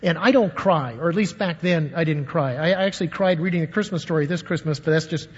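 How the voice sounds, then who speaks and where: Older pastor preaching in a reverberant hall. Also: male voice, on the high side, quick pace, husky. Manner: storytelling, asks the congregation questions. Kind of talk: sermon. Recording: dull, long echo of a large hall.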